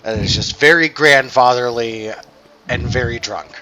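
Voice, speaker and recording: A man's voice: medium pitch, a little slow, background noise. A man acting as game master, casually explaining rules and narrating scenes. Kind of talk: running a tabletop game.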